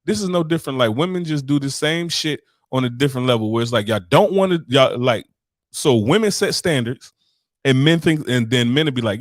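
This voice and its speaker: A man's voice: mid-range voice, animated, fairly quick, no echo, clean studio sound. A man hosting a podcast, ranting in casual, profane chat. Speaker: podcast host.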